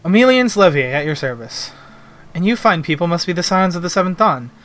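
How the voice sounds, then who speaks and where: A warm, doting noblewoman from a fantasy game, speaking in refined, old-fashioned turns of phrase, read aloud by a man on a game stream. The voice is bright and sits fairly high, with faint music underneath. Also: lively intonation, a little fast, no room sound. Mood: gracious. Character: gracious upper-class mother, warm and doting.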